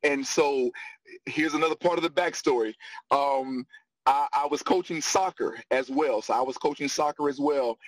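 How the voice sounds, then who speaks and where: Animated man with a dry close sound. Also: medium pitch, moderate pace, dry recording, low-quality recording. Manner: animated, laughs often, repeats phrases. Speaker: guest, actor and acting coach. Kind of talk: storytelling in a casual interview.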